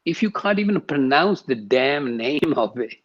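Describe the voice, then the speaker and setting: A man's voice: mid-range voice, expressive, normal speed, highs cut off. A man, a yoga and sound teacher, speaking emphatically as a guest in an interview and repeating words to stress his points. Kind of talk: interview conversation.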